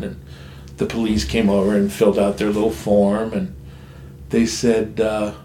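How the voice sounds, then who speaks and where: A man's voice: mid-range voice, a little mellow, a little hiss or hum. Blunt, swearing man telling his story. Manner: blunt, frank, swears freely. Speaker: guest sharing recovery story. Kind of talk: candid personal storytelling. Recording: echoey room, faint ambience.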